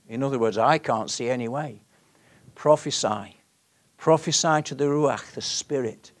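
A man preaching a sermon, earnest, moving between loud emphasis and hushed questions to the congregation. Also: medium pitch. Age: 60s.

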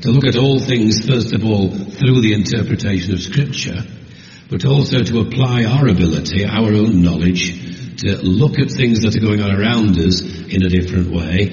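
A man's voice: lowish voice, moderate pace, a little mellow. Man preaching in an echoing hall. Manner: jokey, teasing, playful with the congregation. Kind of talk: sermon with audience banter. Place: church hall. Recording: roomy hall, lo-fi recording.

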